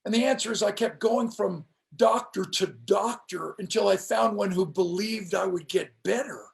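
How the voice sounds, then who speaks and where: A middle-aged man telling stories as a motivational speaker in an interview, with an emphatic, preacher-like cadence that slows down for punch lines. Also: high voice, creaky. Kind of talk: storytelling on a live stream interview.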